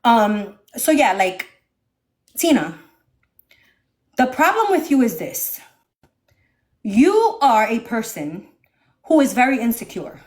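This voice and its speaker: A high-voiced woman from the northeastern United States rants on a phone livestream from her home. Her voice swings wildly up and down as she swears and argues, animated and confrontational throughout. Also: slow pace, pauses often. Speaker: livestream host. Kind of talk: heated livestream rant.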